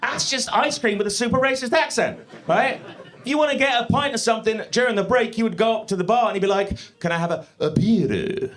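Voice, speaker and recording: A man doing a live stand-up set in a comedy club, profane and animated, speaking into a stage mic. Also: extremely high pitch, quick pace. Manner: profane, animated, mock-confident.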